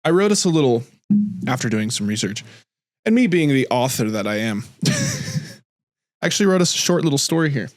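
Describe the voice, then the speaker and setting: A man's voice: a little high, normal speed, pauses often, no echo. Guy hosting a podcast, laid back and chatty, dry close sound. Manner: relaxed, chatty, laughs easily. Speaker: podcast host. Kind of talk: casual chat and reading a short story aloud.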